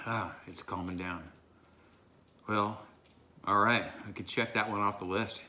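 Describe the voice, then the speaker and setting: A man vlogging a hot sauce challenge, his voice strained and breathy, gasping and pausing as he recovers. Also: lowish voice, steady tone, sharp tone. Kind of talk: casual vlog talk to camera.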